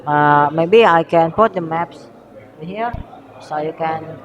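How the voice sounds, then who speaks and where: A young man with an Indonesian accent presents a school history project, speaking slowly and haltingly and often restarting his phrases. His voice sits a little high for a man, with a long reverb trailing behind it. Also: a bit bright, muffled recording. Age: young adult. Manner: halting, self-correcting, reads haltingly from notes. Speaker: student presenter.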